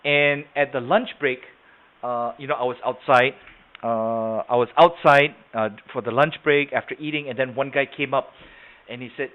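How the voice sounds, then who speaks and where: A man's voice: medium pitch, moderate pace. A man leading a live sales training webinar on a video call, talking conversationally, quizzing the class and repeating himself. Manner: conversational, asks the class questions, repeats words. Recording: tinny phone-like audio.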